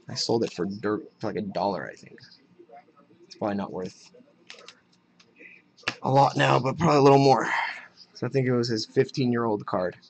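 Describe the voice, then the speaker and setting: A young man chatting casually while opening trading card packs on a live break, excited at the hits and muttering asides. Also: medium pitch, low-quality recording.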